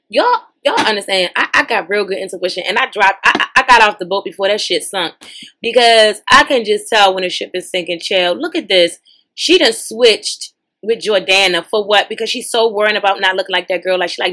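A woman hosting a podcast, giving sassy, profane, animated reaction commentary in as she scrolls social media. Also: mid-range voice, moderate pace.

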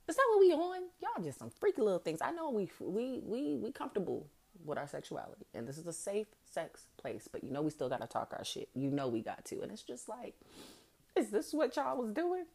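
A woman's voice: mid-range voice, a little mellow, husky. A woman hosting a podcast, telling a personal story in a frank, profane, casual way, laughing often and acting out what people said. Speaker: podcast host.

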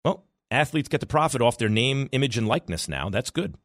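A man from New York hosting a sports talk radio show, rambling in an animated way with quick asides. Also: medium pitch, no room sound, studio quality.

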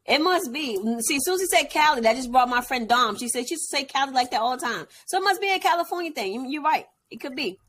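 High-voiced playful woman podcast co-host. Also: fast talker, few pauses, slight background noise. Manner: playful, animated, laughs easily. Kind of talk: casual chat.

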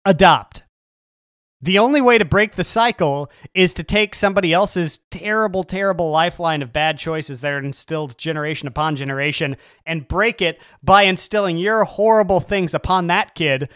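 Deadpan ranting man, dry sound. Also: high-pitched, normal speed, clean tone, no echo. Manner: deadpan, dramatic rants. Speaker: podcast co-host. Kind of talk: casual comedic chat.

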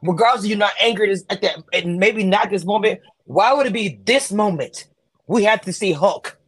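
A woman hosting a heated reaction chat, excitable and quick to cut in. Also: mid-range voice, slightly rough, no room sound. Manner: excitable, interrupts, cries hold on and wait. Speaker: show host.

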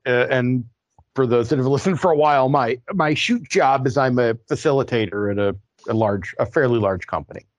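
Stammering, animated man with a dry sound. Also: medium pitch, no echo, highs cut off. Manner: animated, stammering restarts, exasperated emphasis. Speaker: podcast co-host. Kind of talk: casual podcast chat.

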